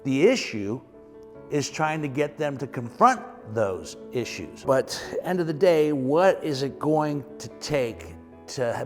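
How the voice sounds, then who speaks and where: A man speaking frankly and directly in a candid round-table conversation. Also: medium pitch. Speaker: discussion participant. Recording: long hall reverb with faint music.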